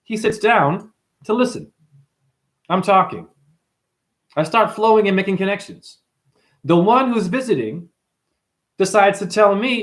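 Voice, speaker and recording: A man hosting a livestream and ranting preachily at his viewers, swinging between hushed asides and loud outbursts. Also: high voice, animated, measured pace, long pauses. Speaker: livestream host and numerology teacher.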